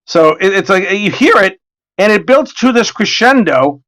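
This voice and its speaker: A man in his forties tells long, rambling stories in casual chat, swearing freely. His voice sits high and jumps around a lot, with a bright, forceful edge. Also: normal speed. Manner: animated, rambling, profane storyteller. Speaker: artist streaming his work.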